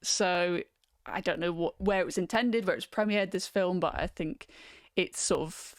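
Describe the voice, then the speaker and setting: A woman's voice: lowish voice, normal speed, no echo, clean studio sound. Chatty woman hosting a film stream. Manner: chatty, reads out viewer comments, frequent ums. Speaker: host. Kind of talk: casual chat on a livestream.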